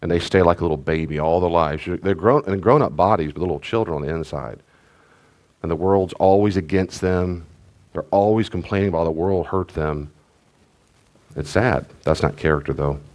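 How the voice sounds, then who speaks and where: Speaking at normal speed in a low, darkish voice, a middle-aged pastor teaches in a sermon-like way. His delivery is conversational and meandering, full of restarts and side comments.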